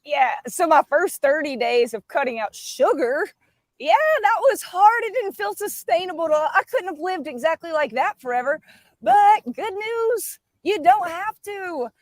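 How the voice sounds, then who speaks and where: High-pitched woman, fired-up guest, dry close sound. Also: normal speed, no echo. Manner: fired-up, animated storytelling. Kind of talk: enthusiastic livestream chat.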